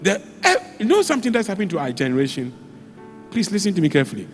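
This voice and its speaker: A man preaching a sermon as a pastor, telling stories with sudden jumps in pitch and loudness. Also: quick pace, long reverb tail, faint music behind. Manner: animated storytelling, with sudden jumps in pitch and volume. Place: church.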